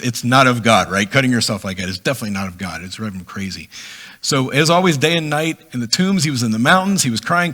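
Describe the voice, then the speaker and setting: A middle-aged preacher with a medium-pitched, fairly bright voice and a breathy edge teaches from the Bible in a casual, conversational way. He reads verses, then explains them chattily with asides, acting out voices and laughing.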